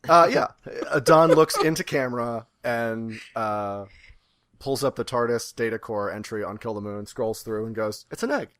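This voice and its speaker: A man playing a tabletop game, making quick, joking asides in casual chat. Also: mid-range voice, a bit bright, no room sound. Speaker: player.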